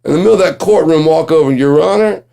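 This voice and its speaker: A man ranting at home in a vlog, swearing constantly and yelling in bursts. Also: on the high side, racing, gravelly. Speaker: vlogger. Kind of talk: profane political rant.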